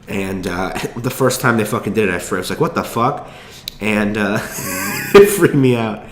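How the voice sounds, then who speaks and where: Young man, casual vlog monologue, rambling and profane, fairly low voice, echoey room. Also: faint music behind. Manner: rambling, profane, quick asides and restarts. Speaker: vlogger.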